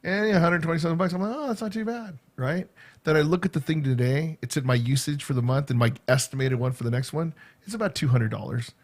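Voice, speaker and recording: A man's voice: fairly high pitch, fast talker. Rambling fifty-something man vlogging. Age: 50s. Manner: rambling storyteller, filler-heavy, repeats words. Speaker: vlogger and school teacher. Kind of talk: casual chat.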